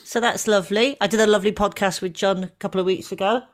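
A middle-aged woman co-hosting a podcast in casual chat, talking easily with fillers and gentle teasing. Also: mid-range voice, fairly even intonation, fast. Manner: chatty, warm teasing, trailing fillers. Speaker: podcast co-host.

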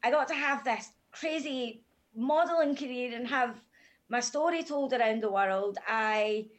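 A woman speaks in a fairly high voice as she tells a podcast host her story. Her manner is frank, calm and matter-of-fact. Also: unhurried. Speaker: podcast guest. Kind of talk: candid personal storytelling.

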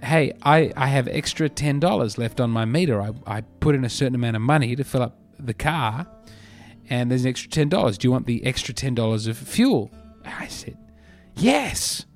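Man, Australian accent, comedian host, mid pitch, dry, self-mocking, meandering monologue. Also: brisk, soft background music. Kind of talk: rambling comedic podcast monologue.

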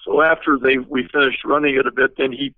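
A man's voice: mid-range voice, flat delivery, fairly quick, dry recording, phone-quality sound. An older man, a guest car designer, telling long rambling anecdotes with many fillers in an interview. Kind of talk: storytelling interview.

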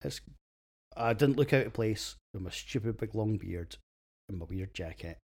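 Gravelly Scottish man, crude beer chat. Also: lowish voice, expressive, normal speed, darkish tone. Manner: crude, self-mocking, laughs at his own jokes. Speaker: beer podcast host. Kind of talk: scripted casual monologue.

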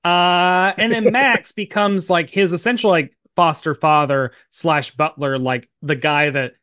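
Recapping a TV episode on his podcast, this co-host keeps things chatty, leaning on "like" and performing bits of the show's dialogue. His slightly high voice is bright and forceful, steady in tone and unhurried. The recording is dry and studio-clean.

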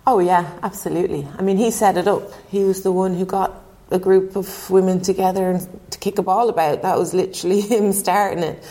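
Her voice is mellow and medium-pitched, with fairly even intonation and a brisk pace. She's an Irish ex-goalkeeper chatting as an interview guest, telling stories, acting out dialogue, and laughing often.

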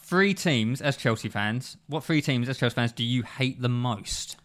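A man's voice: mid-range voice, expressive, normal speed, a bit bright. A young man co-hosting a football podcast in casual chat, teasing and laughing often. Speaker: podcast co-host.

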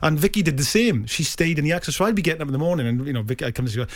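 A man hosting a casual radio chat, excitable and quick to laugh. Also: a little high. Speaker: host.

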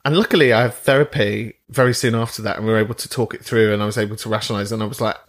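A man's voice: fairly low pitch, fairly even intonation, racing. A man hosting a podcast, talking candidly and a little self-mockingly in a casual chat. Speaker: podcast host.

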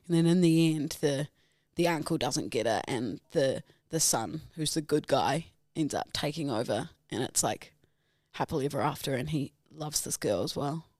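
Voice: mid-range voice, normal speed, darkish tone, dry recording. A podcast co-host chatting casually, full of fillers and loose hesitations. The voice sits in a middle range. The sound is dry and close. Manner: hesitant, filler-heavy with lots of "like". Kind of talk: casual chat, describing a film for a guessing game.

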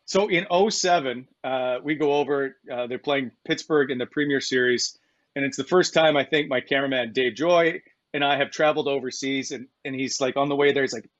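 A man's voice: mid-range voice, a little fast, no room sound, muffled recording. A man co-hosting a podcast in casual chat, telling stories and laughing easily. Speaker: podcast co-host.

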